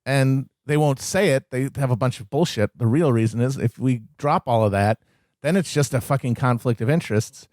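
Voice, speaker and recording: A man co-hosting a podcast, arguing political points in quick, profane explanations. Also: medium pitch, darkish tone, no echo, clean studio sound. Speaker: podcast co-host. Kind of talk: casual political banter.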